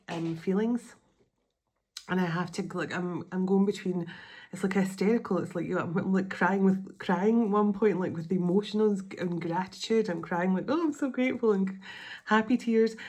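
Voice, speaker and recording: A woman hosts her psychic channel in a casual, rambling way. She sits a little low in her range and keeps gushing with gratitude. Her talk is full of fillers and restarts. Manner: warm-hearted, rambling, effusive with gratitude, many fillers and restarts. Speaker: psychic medium and channel host. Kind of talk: casual spiritual video chat.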